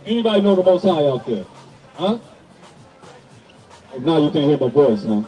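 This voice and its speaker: Male street preacher, fiery sermon, high mellow voice, distant mic. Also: very animated, moderate pace, faint music behind. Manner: preaching to passersby, calling out to the crowd.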